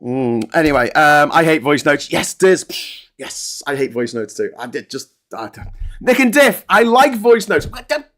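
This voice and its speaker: A man's voice: fairly high pitch, sing-song, normal speed, fairly bright tone. A man, hosting a casual live-stream chat, ranting and joking with lots of swearing. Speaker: host.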